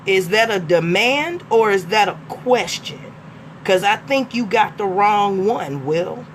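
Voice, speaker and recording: A woman on a live stream, delivering a blunt, profane rant that swings from emphatic talk to shouting. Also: mid-range voice, animated, slow pace, a little hiss or hum. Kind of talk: profane ranting monologue.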